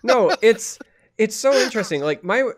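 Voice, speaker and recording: A man co-hosting a casual podcast chat, rambling and animated, with lots of restarts. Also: sits high, normal speed. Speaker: podcast co-host.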